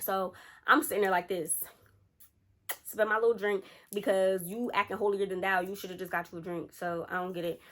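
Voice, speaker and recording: A woman's voice: medium pitch, fairly even intonation, brisk, fairly bright tone. A young woman telling a casual storytime to her viewers, chatty and slangy, talking straight to the camera.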